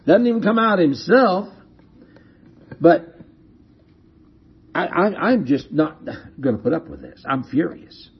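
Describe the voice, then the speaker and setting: A man's voice: a little high, very animated, slow, long pauses, husky, exaggerated voice. A man voicing a proud, indignant ancient army commander, a bit raised and theatrical, heard on a dull lo-fi recording.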